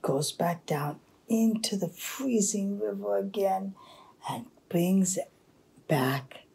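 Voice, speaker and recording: A woman telling a folktale aloud, narrating in a hushed, half-whispered way with pauses. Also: medium pitch, gravelly, breathy edge. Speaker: storyteller. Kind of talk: oral storytelling.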